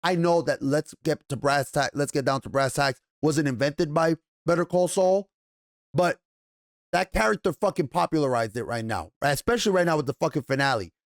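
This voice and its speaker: Reviewing a TV episode, this young man launches into a furious, profanity-laden rant at a normal speed. His fairly high voice stumbles and restarts whenever he gets agitated. It's studio-quality audio without echo.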